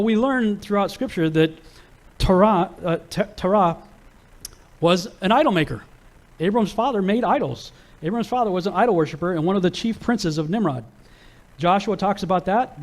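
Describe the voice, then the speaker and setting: A man teaching a Bible lesson to a live audience, casual and animated, acting out the people in his stories. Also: fairly high pitch. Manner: casual and animated, acts out quoted characters.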